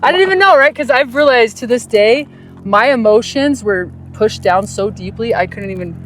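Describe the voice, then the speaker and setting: A woman in casual podcast talk recounts her own story with lots of energy. Her voice leaps upward when she gets excited, then sinks to a soft, low murmur when she turns reflective. She laughs easily along the way. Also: moderate pace, soft background music. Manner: animated, jumps high in pitch when quoting others. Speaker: podcast host telling a personal story.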